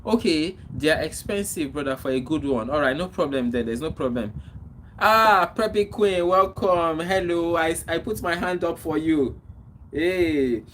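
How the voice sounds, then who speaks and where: A man from Nigeria with a Nigerian accent hosts a casual livestream, answering viewers' comments and giving repetitive, preachy advice, coughing and clearing his throat often. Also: on the high side, unhurried, fairly bright tone, a little hiss or hum, poor audio. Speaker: livestream host.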